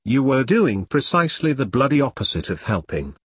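A man's voice: mid-range voice, big pitch swings, fairly quick, husky, dry recording. A man doing Boggart, a furious pompous order leader. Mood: raging. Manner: ranting, barking insults.

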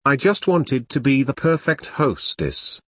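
A ditzy, tearful young hostess, as a male storyteller puts her on, whimpering in a slow, raised, husky voice. Recorded close and dry. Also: medium pitch, sing-song, a bit bright, no echo, full character voice.

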